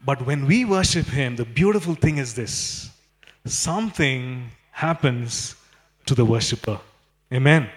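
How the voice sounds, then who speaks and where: A man preaching a sermon in an animated way, with many fillers and repeated phrases. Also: mid-range voice, measured pace.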